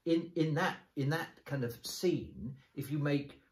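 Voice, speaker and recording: A man's voice: fairly high pitch, measured pace. A man, a bishop, talking through a bible passage in a thoughtful, step-by-step way with many restarts. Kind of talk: conversational bible discussion. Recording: roomy echo.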